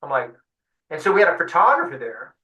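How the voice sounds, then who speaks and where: A fishing guide tells his story with energy, voicing each person in it. His voice is a bit high and bright. It comes from some distance in an echoey room. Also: fast. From San Diego. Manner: animated storyteller acting out quotes. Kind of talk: storytelling in a webinar interview.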